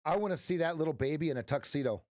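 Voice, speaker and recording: A man's voice: fairly high pitch, racing, a little mellow, no echo, clean studio sound. Chatty man hosting a trading livestream. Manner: joking, talks straight to chat, folksy pep talk. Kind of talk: casual livestream chat with viewers.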